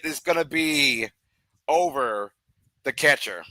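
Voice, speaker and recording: A man hosting a live baseball watch-along, giving casual play-by-play commentary that is chatty and excitable, with loud outbursts and laughter. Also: normal speed, no room sound, rough recording. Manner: chatty, drifts into side talk between pitches. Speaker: host of a live game watch-along stream.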